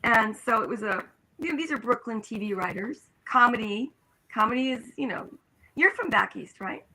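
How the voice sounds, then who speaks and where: Older woman, actress guest, animated storytelling, bright crisp tone, acts out quoted voices. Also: a little high, moderate pace, poor audio. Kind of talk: storytelling in an interview.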